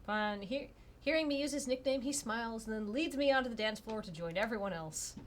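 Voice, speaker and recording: A woman's voice: on the high side, a little fast, a little hiss or hum. A woman narrating and playing a tabletop role-play, chatty and self-deprecating. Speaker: player and narrator.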